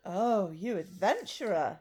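Snobbish posh lady played by a woman, plummy affected voice, lively swooping pitch, comedy sketch. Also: slow, breathy edge, full character voice. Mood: smug. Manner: plummy, affected upper-class delivery. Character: snobbish posh woman, condescending about locals.

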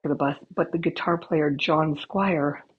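A woman's voice: low-pitched, fairly even intonation, unhurried, husky. A woman hosting a podcast from home with her cats, telling chatty, rambling, profane stories into a headphone mic that cuts in and out, in a dull lo-fi recording. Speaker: podcast host. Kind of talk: casual storytelling. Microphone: headphone mic cutting in and out.

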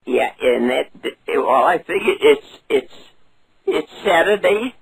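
A quavering old lady, as a man puts her on for a prank call, her voice raspy and breathy with fry. Her pitch wanders up and down as she stammers, loses her thread and asks people to speak louder. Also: expressive, dry recording, full character voice, low-quality recording. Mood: muddled. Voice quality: quavering, creaky. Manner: rambling, halting, mishears. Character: confused frail old woman on the phone. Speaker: prank caller.

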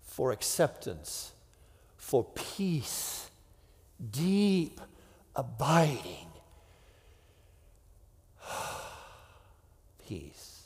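A man's voice: mid-range voice, huge pitch swings, very slow, pauses often, darkish tone. A man preaching a sermon in a conversational way, dropping to near-whispers for effect and acting out imagined voices. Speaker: pastor. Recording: long hall reverb.

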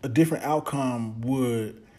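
A man's voice: mid-range voice, measured pace, a little mellow. A man hosting a podcast, talking in a blunt, rambling casual monologue full of slang and repeated words. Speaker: podcast host.

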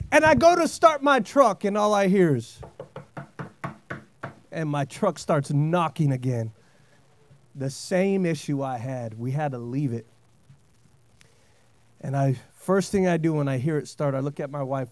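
A middle-aged man, a pastor, preaching a sermon and telling a personal story in an animated way, dropping frequent amens. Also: high voice, moderate pace, no echo.

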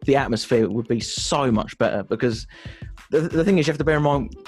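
A man's voice: mid-range voice, a little fast, darkish tone, faint music behind. Self-deprecating English comedian man. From England. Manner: self-deprecating, swears a lot, rambling anecdotes. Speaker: stand-up comedian, guest. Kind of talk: casual comedic chat.

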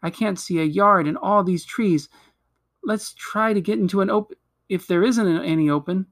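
Man doing a steady eldest schoolboy. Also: high-pitched, moderate pace, voice pushed up.

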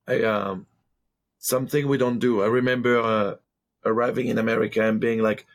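A man with a French accent, telling a lively story in a casual group chat, swearing freely. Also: mid-range voice, brisk. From France. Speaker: panelist.

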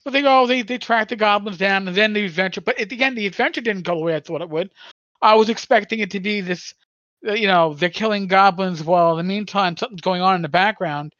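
A man's voice: high voice, fast talker, fairly bright tone, no room sound, dull audio. A man in his sixties, a podcast co-host, telling a long rambling story in casual chat with many stammers and restarts.

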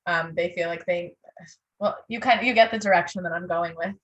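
A woman hosting an interview, asking questions in hesitant, halting phrases and responding warmly to her guest. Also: lowish voice, lo-fi sound. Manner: warm, encouraging, hesitant phrasing with fillers. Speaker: interview host. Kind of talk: casual interview.

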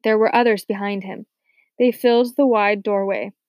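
Female narrator for a children's novel: steady, soft-spoken, mid-pitched, recorded dry and close. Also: normal speed, no room sound. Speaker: audiobook narrator. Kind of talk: scripted narration.

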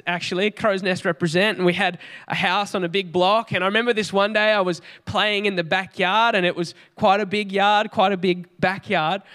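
Preaching in a high-pitched, bright, forceful voice with a clean tone, an Australian pastor tells stories earnestly and chattily, frequently adding a light laugh to his conversational sermon.

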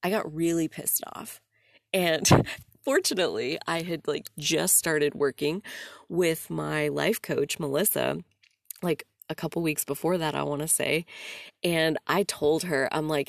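Low gravelly woman podcasting candidly. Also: unhurried, no room sound, studio quality. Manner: candid, animated, laughs often, swears. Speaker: podcast host. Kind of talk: casual solo podcast monologue.

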